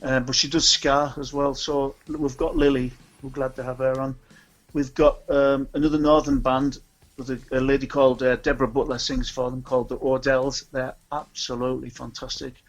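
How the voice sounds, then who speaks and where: A man's voice: medium pitch, flat delivery, normal speed, highs cut off. A man with a North East English accent, raised in Scotland, chatting casually as a guest about a charity music event, rambling with many ums and restarts. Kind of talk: casual chat.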